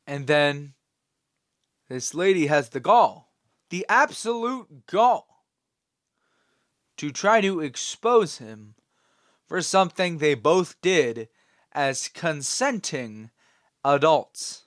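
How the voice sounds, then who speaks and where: A man's voice: fairly high pitch, lively intonation, slow pace, pauses often, fairly bright tone, dry recording, clean studio sound. A man hosting his own channel, giving a rambling, opinionated commentary with many fillers and a scolding tone. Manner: scolding, dismissive. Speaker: channel host.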